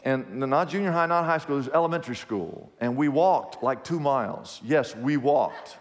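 A man preaching a sermon as a pastor, telling stories in an animated way and repeating his phrases. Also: medium pitch, moderate pace, big-room sound, slight background noise. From Kansas, USA.

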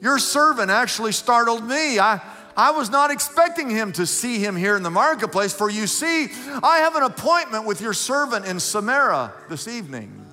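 Death himself, calm and unhurried, as a preacher puts him on, matter-of-fact in a parable told from a pulpit. The voice is bright and fairly high, echoing in a big hall with faint music. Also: male voice, heavily acted. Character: calm male Death, personified.

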